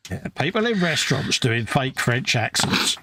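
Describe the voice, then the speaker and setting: A man's voice: mid-range voice, pushed and bright, slight background noise. An English man co-hosting a casual chat while building models, full of teasing, observational banter. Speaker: co-host.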